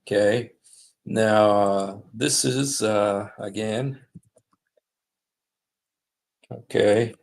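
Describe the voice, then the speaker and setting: A man hosting a livestream, reading passages aloud in a halting way, with many fillers and apologies. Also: fairly low pitch, steady tone, vocal fry. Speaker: livestream host. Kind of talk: casual livestream commentary reading texts aloud. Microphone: desktop streaming mic.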